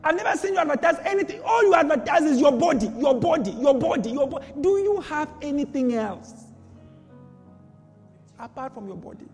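A man's voice: very high voice, very animated, brisk, long reverb tail, soft background music. A man preaching a sermon with emphatic repetition and rhetorical questions.

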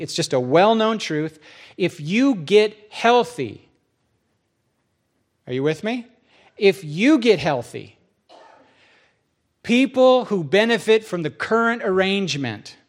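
Animated man preaching a sermon. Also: on the high side. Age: middle-aged. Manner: animated storytelling with many voiced quotes. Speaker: pastor.

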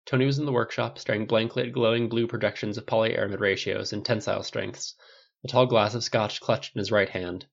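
A man reads a fan fiction story aloud in a plain, steady way. His voice has a gravelly fry to it. The recording sounds dull and lo-fi. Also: lowish voice, a little fast. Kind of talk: audiobook narration.

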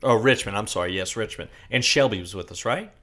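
A man's voice: fairly low pitch, brisk, a bit bright. A young man from Virginia, co-hosting a podcast, telling a rambling story full of swearing and restarts. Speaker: podcast co-host. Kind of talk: casual storytelling chat.

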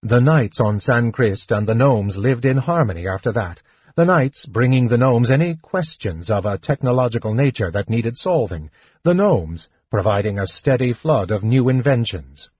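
Husky man reading a fantasy audiobook. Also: mid-range voice, moderate pace, no room sound, dull audio. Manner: lively storytelling. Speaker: audiobook narrator. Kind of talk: scripted narration.

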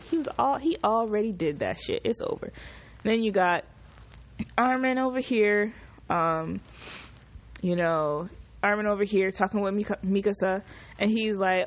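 A woman hosting a casual solo podcast, recapping a show in an animated, profane, exclamatory way. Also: medium pitch, unhurried, pauses often. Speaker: podcast host.

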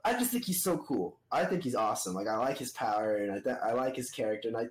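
A man's voice: medium pitch, lively intonation, fast talker, echoey room, poor audio. A young American man co-hosting a podcast in casual chat, rambling enthusiastically and laughing often. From United States. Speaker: podcast co-host.

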